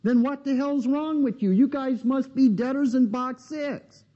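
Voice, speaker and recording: High-voiced man lecturing a seminar. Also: measured pace, mellow, lo-fi sound. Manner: blunt, needling, asks the audience rhetorical questions.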